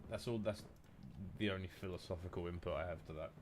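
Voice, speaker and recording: A man's voice: low voice, fast talker, background noise. A young British man with a blocked, nasal nose, rambling and swearing in casual chatter to his live-stream chat while he plays. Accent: British English. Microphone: headset.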